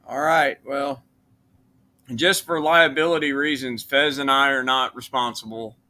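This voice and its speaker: A man's voice: medium pitch, fairly even intonation, unhurried, sharp tone. A man co-hosting a casual live-stream chat, making wry, offhand asides. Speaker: co-host.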